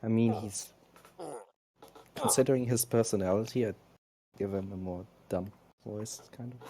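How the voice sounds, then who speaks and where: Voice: medium pitch, moderate pace, dark tone, a little hiss or hum. A co-player casually chatting and suggesting what to try next in a game during a stream. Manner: casual, offering game hints.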